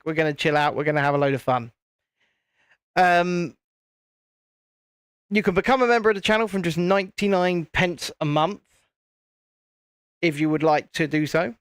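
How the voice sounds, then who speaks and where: A man hosts a relaxed live stream and chats while he builds. He rambles, restarts his sentences and wanders off topic. His voice sits a little high for a man and sounds dry and close, with no room echo. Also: normal speed, pauses often, clean tone. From United Kingdom. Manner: rambling, self-interrupting, chatty. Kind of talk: casual chat while building a set.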